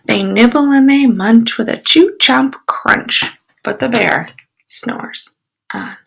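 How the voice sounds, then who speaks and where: A woman teacher reading a picture book aloud to children, expressive, with whispered asides. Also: fairly high pitch, slow pace, gravelly, slightly rough, low-quality recording.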